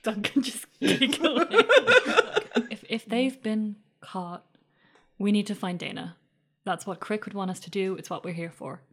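A woman playing a tabletop game, reasoning in an earnest, steady way. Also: medium pitch, normal speed. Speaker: player.

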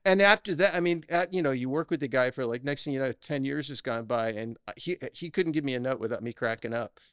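A middle-aged man, a guest actor, telling stories in a lively, casual chat and laughing often. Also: mid-range voice, fast, clear, resonant tone, no echo, clean studio sound. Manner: animated, storytelling, laughs often.

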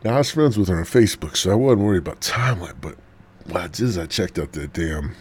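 Deep-voiced man rambling a profane story. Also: expressive, fast, husky. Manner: rambling, profane, many fillers, dips into whispers. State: smoking while talking, coughing. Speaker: podcast host. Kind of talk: casual storytelling monologue.

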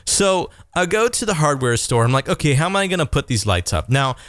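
A man in his thirties hosting a podcast, telling a self-deprecating story in a casual, animated way. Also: on the high side, brisk, no echo, clean studio sound. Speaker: podcast host.

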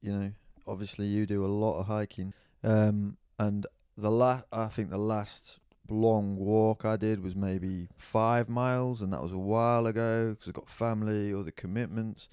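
A man's voice: on the low side, steady tone, normal speed, hardly any pauses, a little mellow, clean tone, no room sound, clean studio sound. A man co-hosting a podcast, easygoing, agreeing a lot and making wry jokes. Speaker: podcast co-host. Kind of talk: casual chat.

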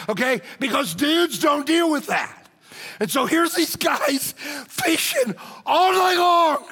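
A male pastor preaches in a church with a high, bright, gravelly voice that rings through a long, echoing hall. He is animated and joking and keeps calling out to the congregation. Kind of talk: sermon. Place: church sanctuary.

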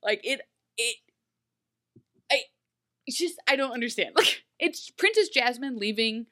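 A woman co-hosting a casual chat, animated and quick to laugh, often dropping into little character voices. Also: a little high. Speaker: podcast co-host recapping a TV episode.

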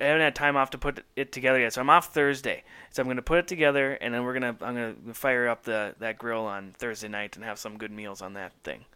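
A man co-hosting a podcast in casual chat, excitable and rambling, laughing often. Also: mid-range voice, clean tone. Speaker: podcast co-host.

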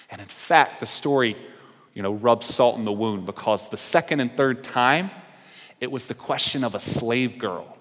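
A man's voice: medium pitch, a bit bright. A man preaching from the pulpit, voicing each character's lines as he tells the story. His voice sits in a mid range. A long hall reverb trails after his words. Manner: storytelling preacher who acts out the characters' dialogue. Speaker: pastor. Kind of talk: sermon.

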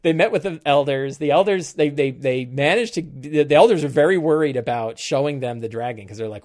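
A man's voice: medium pitch, a little fast, darkish tone. Rambling middle-aged man thinking aloud. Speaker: game master and show host. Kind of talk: live-streamed casual talk on game prep.

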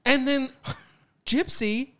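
A man's voice: very high voice, fairly even intonation, slow pace, clear, resonant tone. A man co-hosting a casual podcast, joking and laughing often. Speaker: podcast co-host. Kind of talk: casual chat.

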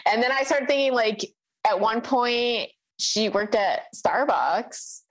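A woman co-hosting a podcast in casual chat, talking in an animated, chatty way with frequent fillers. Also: on the high side, takes it slowly. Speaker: podcast co-host.

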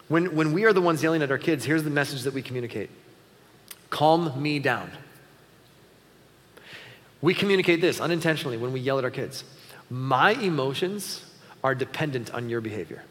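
A man preaching a conversational sermon in a large auditorium, his fairly high voice ringing out with a long hall echo. He sounds earnest and a little self-deprecating, speaking plainly to the congregation like a friend. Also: pushed and bright. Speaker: pastor. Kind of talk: sermon on parenting.

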